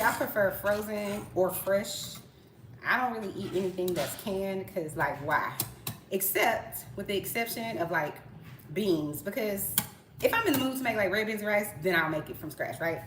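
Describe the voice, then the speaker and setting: A woman with a mid-range voice is heard over a noisy background. She's in her thirties and chatting casually during a home cooking live stream, slangy and full of asides and rhetorical questions. The tablet propped on her kitchen counter captures an echoey space filled with the clatter of pots, utensils and stirring.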